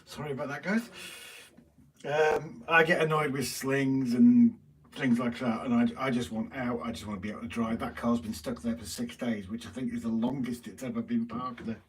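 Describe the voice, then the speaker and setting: A man's voice: medium pitch, fairly even intonation, normal speed. Teasing British man, off-mic. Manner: teasing, banter-heavy. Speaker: livestream co-host. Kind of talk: casual live-stream chat reading comments. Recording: voice from a distance, faint noise.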